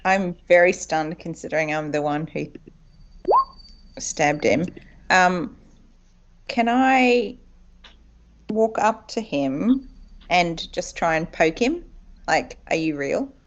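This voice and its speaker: A woman's voice: on the low side, takes it slowly, long pauses, lo-fi sound. A woman playing a tabletop game, speaking in a playful, dry way. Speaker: player. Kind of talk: casual tabletop play.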